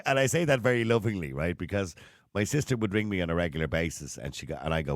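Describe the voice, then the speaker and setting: Fast-talking deep Dublin man. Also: expressive, no echo, studio quality. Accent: Dublin Irish. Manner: jokey storyteller, laughs often. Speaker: radio host. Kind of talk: casual radio chat.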